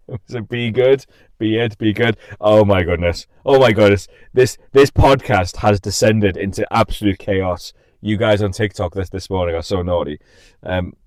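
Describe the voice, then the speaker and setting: A man's voice: on the low side, a little mellow, dry recording. A young man hosting a casual live-stream podcast, laughing often and interrupting himself as he reacts to viewers. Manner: giggly, scattered, self-interrupting.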